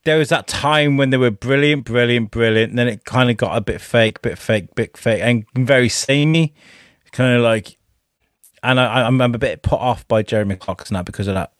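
Animated man, dry close mic. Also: medium pitch, a little fast, no room sound. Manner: animated, swearing storyteller who laughs often. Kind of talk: casual chat.

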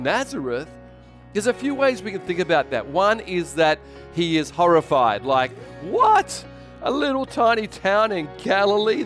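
A man with an Australian accent, a pastor preaching a sermon in a conversational, energetic way with many restarts. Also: fairly high pitch.

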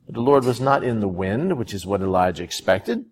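A man's voice: fairly low pitch, big pitch swings, fairly quick, slight background noise. A man preaching a sermon, retelling a scripture story with emphasis and rhetorical questions. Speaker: pastor.

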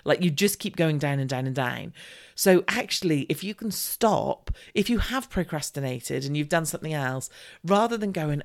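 A woman in her forties hosting a solo podcast, giving candid, chatty, self-deprecating advice. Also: low voice. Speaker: podcast host.

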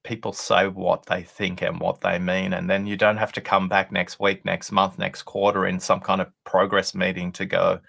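Deep, gravelly man telling a story. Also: level tone, fairly bright tone. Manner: deliberate, anecdotal, pauses for effect. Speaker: podcast guest, listening expert. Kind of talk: conversational storytelling interview.

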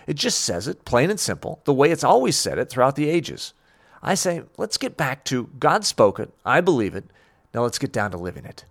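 A man's voice: a little high, wildly swooping pitch, fairly quick, vocal fry. A man delivering a scripted Christian radio commentary, telling a story about his son and then preaching earnestly.

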